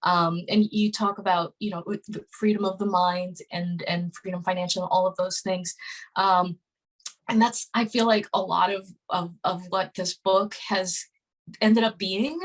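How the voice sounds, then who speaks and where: A woman's voice: medium pitch, fairly even intonation, measured pace, low-quality recording. A woman in her thirties speaking as a podcast guest, telling a story casually and earnestly, with many fillers and restarts. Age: 30s.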